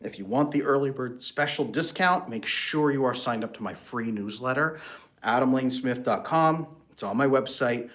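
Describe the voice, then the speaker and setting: A man's voice: mid-range voice, moderate pace, fairly bright tone. A man talking straight to viewers as a relationship coach, emphatic and direct, firing rhetorical questions at them. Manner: emphatic, rhetorical questions, acts out quoted partners. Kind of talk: direct advice monologue.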